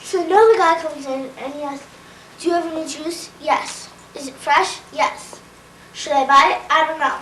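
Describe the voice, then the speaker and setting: A woman telling a joke casually, acting out the dialogue in a deadpan way. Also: high voice, moderate pace, a little hiss or hum. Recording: roomy, distant home video recording.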